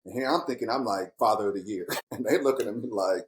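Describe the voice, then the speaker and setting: Here a middle-aged man, a father hosting a podcast, talks quickly with few pauses in a lowish voice, and the audio is poor. It's a relaxed, sincere chat with his grown children in which he's frank and thoughtful, turning animated when quoting himself.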